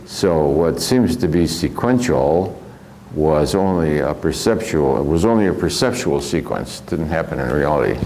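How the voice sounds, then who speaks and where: A man's voice: extremely low pitch, expressive, moderate pace, darkish tone, a little hiss or hum, poor audio. An older man from the American Midwest giving a rambling, reflective spiritual lecture and often chuckling as he tells stories. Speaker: spiritual teacher.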